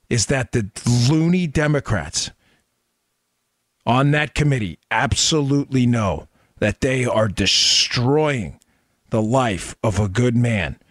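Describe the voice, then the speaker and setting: A man with an ordinary mid-range voice delivers a fiery political monologue as a talk show host, hammering his points with repeated, mocking questions. The recording is dry and close, with no room around it.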